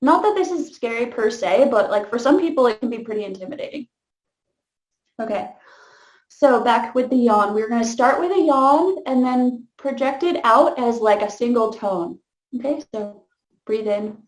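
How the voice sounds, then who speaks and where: A woman leading an interactive voice workshop, chatty and laid-back, laughing often and filling pauses with "um" and "like". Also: on the high side, animated, roomy sound. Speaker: voice workshop leader.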